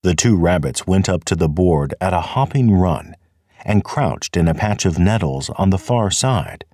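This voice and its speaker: A man reading an audiobook in a measured, expressive narration. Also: deep voice, no echo, studio quality. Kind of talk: scripted narration.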